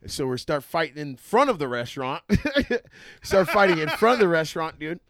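A man's voice: fairly high pitch, big pitch swings, moderate pace, a bit bright, no echo, clean studio sound. Profane, laughing man telling stories. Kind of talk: casual storytelling chat.

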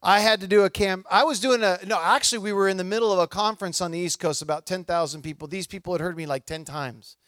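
A middle-aged man preaching a sermon in a conversational, animated way, acting out the people in his stories. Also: sits high, quick pace, few pauses, no room sound. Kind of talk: sermon with personal storytelling.

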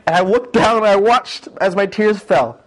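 A man giving an emotional testimony as a guest, retelling it with excited, animated emphasis that jumps up at key moments. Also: high-pitched, normal speed.

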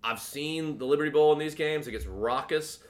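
A man's voice: fairly high pitch, a little fast. A man co-hosting a podcast, giving confident, blunt betting picks in casual sports chat. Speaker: podcast co-host.

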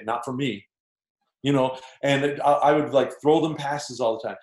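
A man's voice: mid-range voice, moderate pace. A man from Canada, a former basketball player, telling stories as a guest and acting out his coaches' lines. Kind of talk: casual storytelling. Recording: roomy echo.

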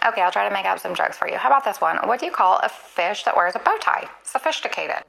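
A woman's voice playing an earnest, literal chatbot assistant in a comedy skit, polite and quick to apologize. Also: mid-range voice, animated, gravelly, a bit bright, rough recording.

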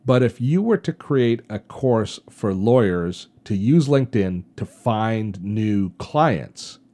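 A man's voice: fairly low pitch, lively intonation, slow, mellow. A man hosting a solo podcast, giving earnest business advice with frequent restarts. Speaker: podcast host.

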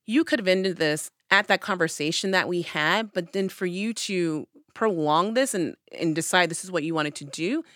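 A woman telling a personal story in casual conversation, acting out her own past lines with lively emphasis. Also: lowish voice, normal speed, few pauses, dry recording, clean studio sound.

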